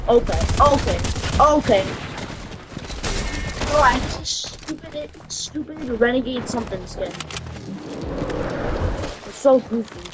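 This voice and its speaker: Slow-talking woman over game gunfire. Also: on the high side, lively intonation, background noise. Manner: casual, slangy, swears and reacts loudly to the game. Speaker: gaming streamer. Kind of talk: live gameplay commentary. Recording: loud game gunfire behind the voice. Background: game gunfire and shooting sounds.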